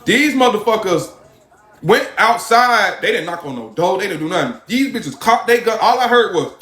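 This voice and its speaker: A man livestreaming, telling a story in an animated, profane way and thanking viewers for their gifts. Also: high-pitched, normal speed. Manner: animated, profane storytelling, shouting when worked up. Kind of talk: live-stream storytelling. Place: a hot room. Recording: roomy echo.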